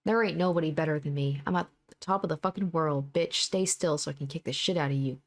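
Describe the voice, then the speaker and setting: A boastful, brutal young male thug, voiced by a woman reading aloud who gloats and swears constantly. The low voice stays close to an everyday reading voice. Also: fast talker. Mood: gloating. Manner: boastful, profane bragging.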